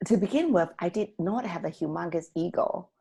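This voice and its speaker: A woman guest on a talk show telling a personal story in an animated way, often laughing and acting out what people said. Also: lowish voice, brisk, vocal fry, slightly rough.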